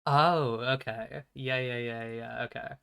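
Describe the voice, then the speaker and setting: Young male streamer, bright tone, loose casual chat, halting and chuckly. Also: mid-range voice, steady tone, vocal fry, smooth. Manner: rambling, hesitant, lots of fillers and restarts, chuckling. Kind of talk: casual chat while playing a game.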